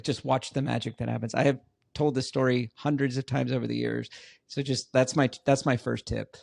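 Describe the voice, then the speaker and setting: Gravelly and creaky, with a darkish tone in the mid range, this middle-aged man's voice carries his earnest stories as a podcast guest. He repeats words to drive points home during the casual interview chat. The audio is dry and close, with no echo.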